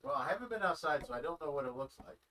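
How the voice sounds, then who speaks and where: A man's voice: fairly high pitch, expressive, very fast, pushed and bright. A man chatting casually on his sister's home live stream, making offhand jokes. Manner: joking, offhand. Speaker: host's brother. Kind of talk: casual chat.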